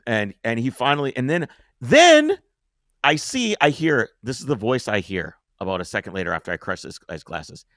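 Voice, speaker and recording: Animated man telling a wild story. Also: mid-range voice, normal speed, dry recording, clean studio sound. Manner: animated, swears freely, acts out scenes. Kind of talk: casual storytelling.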